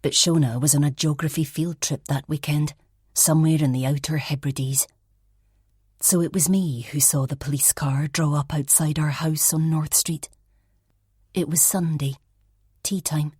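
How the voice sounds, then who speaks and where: Low, husky woman narrating an audiobook. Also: fairly even intonation, unhurried, no echo, studio quality. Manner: soft, reflective, often near a whisper. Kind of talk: scripted first-person narration.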